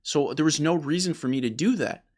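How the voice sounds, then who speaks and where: A man voicing a sly, lying male scorpion in a retold fable, speaking calmly and matter-of-factly. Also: on the high side, fairly quick, close to an everyday voice.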